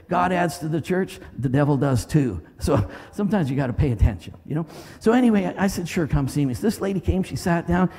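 A middle-aged male pastor preaching a sermon, telling a story with lively energy and breaking into loud commanding shouts. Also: fairly high pitch, husky. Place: church sanctuary. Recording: long reverb of a large hall.

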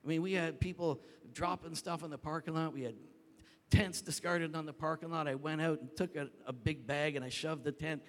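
A man preaching a sermon as pastor, telling stories in an animated way that climbs to shouts. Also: on the high side, fairly quick. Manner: animated storytelling, rising to shouts when reenacting. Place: church sanctuary. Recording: long reverb of a large hall.

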